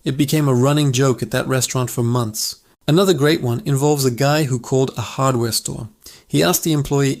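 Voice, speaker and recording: A man's voice: medium pitch, normal speed, creaky, a little mellow. A man hosting his channel, telling funny stories in an upbeat, conversational narration. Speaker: channel host. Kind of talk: scripted storytelling narration.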